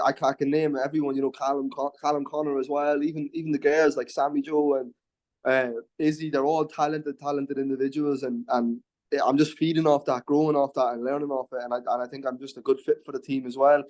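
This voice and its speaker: A man's voice: mid-range voice, mellow. A young man, an MMA fighter talking confidently in a casual interview, often restarting his words. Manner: brash and confident, quick restarts.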